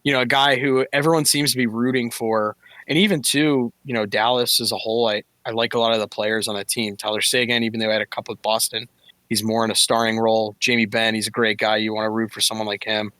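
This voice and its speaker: A man's voice: fairly low pitch, flat delivery, fast, sharp tone, no room sound. A man co-hosting a podcast, talking hockey in a casual, analytical way with frequent fillers. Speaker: podcast co-host. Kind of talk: casual sports chat.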